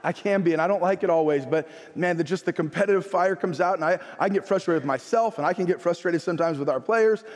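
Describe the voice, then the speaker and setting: Male pastor, high-pitched, impassioned sermon delivery, church hall reverb. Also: fast, few pauses. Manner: impassioned, rising to high emphatic preaching.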